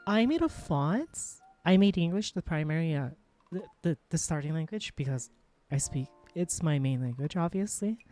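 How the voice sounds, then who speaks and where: A woman streaming live, chatting casually while she works, excitable and full of exclamations as she greets her chat. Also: lowish voice. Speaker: live streamer and world creator.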